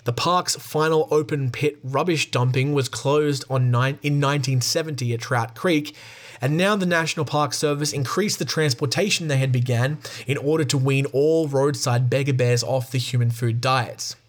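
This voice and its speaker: A man hosting a podcast, reading a true-crime account aloud at a steady pace, with fillers, small restarts and wry asides. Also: medium pitch, moderate pace. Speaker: podcast host.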